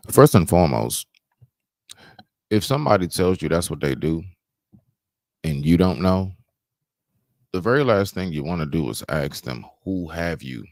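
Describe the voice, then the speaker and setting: A man's voice: sits low, big pitch swings, unhurried, long pauses, darkish tone, no room sound, clean studio sound. A man hosting a live stream, reacting to clips with blunt, scolding, slangy commentary.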